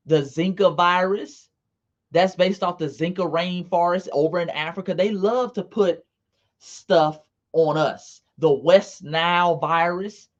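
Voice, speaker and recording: Emphatic man ranting on a stream. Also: fairly high pitch. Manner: emphatic, repetitive, profane. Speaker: online commentator. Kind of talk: casual livestream commentary. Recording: dull lo-fi sound.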